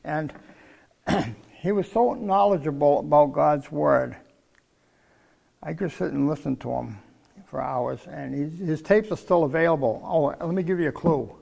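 Older male preacher, gravelly, folksy conversational sermon. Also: on the high side, unhurried, darkish tone. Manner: folksy, conversational Bible teaching.

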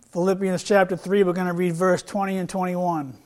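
Male street preacher, high voice, earnest, repeats himself while reading scripture. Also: little pitch movement, moderate pace, darkish tone. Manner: earnest, repeats words and restarts, reads scripture aloud. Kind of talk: sermon with retold street conversation.

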